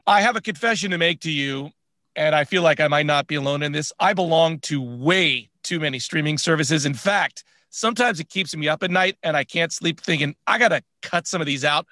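A man co-hosting a podcast, talking candidly in a relaxed, chatty way. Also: on the high side, brisk, no room sound. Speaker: podcast co-host. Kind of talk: casual chat.

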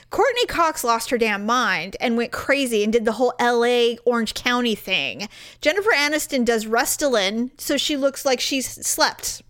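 Animated high-voiced woman gossiping. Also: moderate pace. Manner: animated, acts out quotes, blunt and profane. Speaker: podcast co-host. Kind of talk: casual chat.

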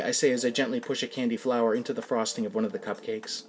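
A man with a middle-pitched voice reads his first-person story in a plain, even storytelling manner. Soft music plays faintly behind him, and he drops into loose, casual asides when he steps out of the story. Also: fast, few pauses, husky. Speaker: podcast host and author reading his story.

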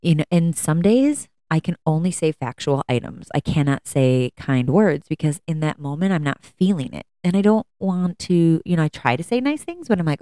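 A woman's voice: deep voice, lively intonation, moderate pace, few pauses, mellow, no room sound, studio quality. A woman in her thirties hosting a casual solo podcast, talking in a rambling, conversational way with frequent fillers. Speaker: podcast host.

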